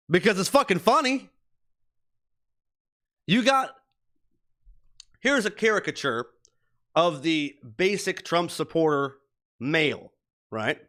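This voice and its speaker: A man in his thirties rants heatedly on a live stream, swearing freely and wandering from point to point. He speaks slowly in a fairly high voice. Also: a bit bright. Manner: profane, heated, rambling. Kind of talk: casual ranting live stream chat.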